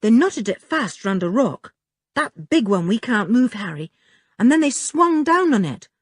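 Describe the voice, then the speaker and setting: A woman's voice: fairly high pitch, big pitch swings, measured pace, breathy edge, no echo, studio quality, voice pushed up, exaggerated voice. A woman reading an audiobook, voicing a plucky young boy with an injured ankle who tells his story earnestly.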